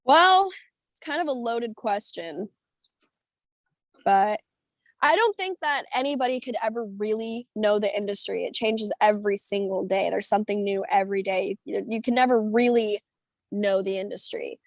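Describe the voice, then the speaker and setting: This interviewed singer, a young woman from the US, has a mid-range voice and a moderate pace, recorded with no room sound. Chatting on a video call, she's lively and bubbly, wandering through her stories with lots of fillers and laughs.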